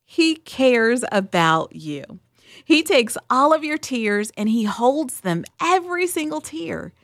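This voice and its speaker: A woman's voice: fairly high pitch, sing-song, slow, no echo, clean studio sound. A woman hosting a spoken devotional, talking in an earnest, candid, conversational way. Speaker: devotional host.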